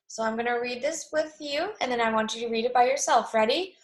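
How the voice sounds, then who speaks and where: A woman teaching a math lesson to young children, speaking slowly and clearly, asking questions and then answering them herself. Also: a little high, a bit bright. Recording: echoey room.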